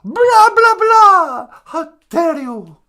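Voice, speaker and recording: A shrill, tearful young activist girl, as a man puts her on. She wails and sobs in a high, swooping voice and stretches every word out slowly. The delivery is a broad comic mockery. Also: big pitch swings, bright, forceful tone, full character voice. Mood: wailing. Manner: shrill, wailing, mocking. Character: whiny tearful young female climate activist.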